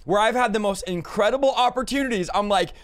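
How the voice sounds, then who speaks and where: A man's voice: high-pitched, fast. A man hosting a faith podcast, speaking earnestly and emphatically, often addressing viewers directly. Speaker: podcast host. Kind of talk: impassioned preaching-style podcast talk.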